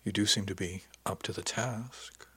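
A man reading the lines of a seductive, commanding woman ship's officer in a low, husky, teasing voice. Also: moderate pace, pushed and bright, full character voice. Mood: sultry.

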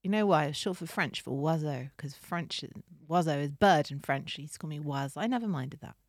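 A woman's voice: deep voice, brisk, no room sound. Woman, podcast co-host, frank, laughs a lot, dry close sound. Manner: frank, laughs often, animated. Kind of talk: casual chat.

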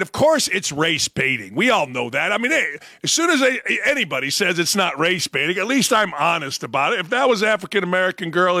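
A male sports talk host delivers an opinionated rant, blunt and profane, jumping from mocking asides to emphatic outbursts. His voice sits fairly high with a bright, cutting edge, and it is recorded close and dry. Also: no room sound.

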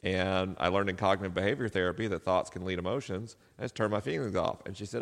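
A man's voice: deep voice, fairly quick, gravelly. A middle-aged man, a podcast host, telling a personal story live to an audience, self-deprecating and laughing often. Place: live venue. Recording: live hall with long reverb.

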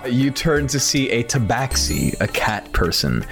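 A man running a tabletop role-playing game, describing scenes in a playful, easygoing way. His voice is mid-pitched, with music behind him. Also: big pitch swings, a little slow, vocal fry. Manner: playful, laughing narration. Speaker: game master.

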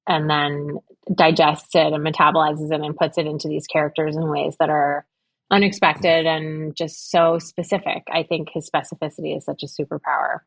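A woman's voice: deep voice, level tone, normal speed, vocal fry, dry recording. A woman chatting as a podcast guest, enthusiastic and articulate, gushing about work she admires. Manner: enthusiastic, effusive. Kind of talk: casual interview chat.

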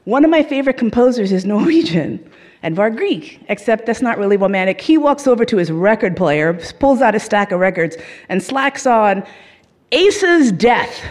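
A woman telling a comic story, swearing freely and laughing as she goes, with lively swings in her voice. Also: a little high, normal speed. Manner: profane, laughing through the telling.

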